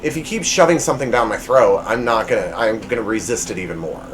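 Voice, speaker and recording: A man's voice: lowish voice, fast, fairly bright tone, low-quality recording. Guy telling a story on his podcast, rambly, lots of ums and restarts, faint background hum. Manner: rambling, self-deprecating, many fillers and restarts. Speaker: podcast host. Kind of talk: casual personal storytelling. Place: home.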